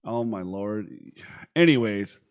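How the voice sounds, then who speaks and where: A man's voice: lowish voice, animated, slow. A man hosting a casual wrestling talk show, cracking jokes and hyping up his co-hosts. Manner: playful, jokey hype banter. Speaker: podcast host. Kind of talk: casual chat.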